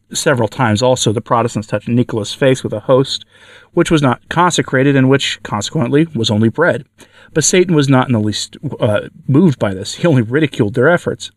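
Male podcast narrator, earnest measured reading, average pitch, dry distant sound. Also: dry recording. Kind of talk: reading a devotional story aloud.

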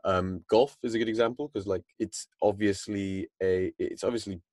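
A man's voice: fairly low pitch, steady tone, normal speed, darkish tone, no room sound. A man co-hosting a podcast, thinking aloud in a loose, chatty way, full of restarts. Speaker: podcast co-host. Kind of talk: casual discussion.

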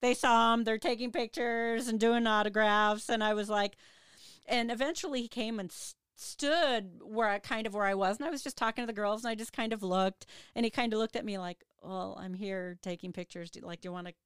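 A woman with an Upper Midwest American accent telling a lively story on a podcast, acting out the people in it, with lots of restarts. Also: fairly high pitch, brisk, clean tone, no room sound. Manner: animated, acts out quoted voices, many restarts. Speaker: podcast guest, ghost tour owner. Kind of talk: casual storytelling.

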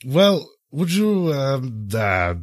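A man's voice: mid-range voice, sing-song, very slow, dry recording, soft background music. A man playing a tabletop role-playing game, speaking in character with a fussy, hesitant delivery. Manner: hesitant, with fussy stammering restarts. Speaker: tabletop player.

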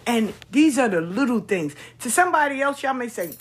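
A woman hosting a podcast, telling stories in a casual monologue, expressive and repetitive, swearing freely. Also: on the high side, moderate pace, slightly rough. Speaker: podcast host.

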